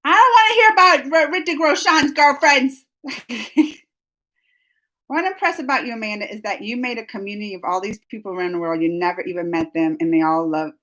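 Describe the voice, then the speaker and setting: A woman's voice: medium pitch, a little fast, a bit bright. A woman hosting a casual live stream on a computer microphone, rambling and chatty as she reads comments, laughing often and restarting her sentences. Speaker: live stream host reading chat comments.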